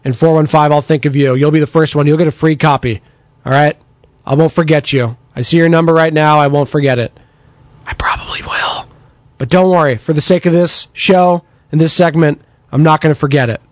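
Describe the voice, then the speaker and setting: A man's voice: a little high, fairly quick, dry recording. A man hosting a sports talk radio show, chatting energetically and reading out listener texts. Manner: energetic, chatty, takes text-line messages.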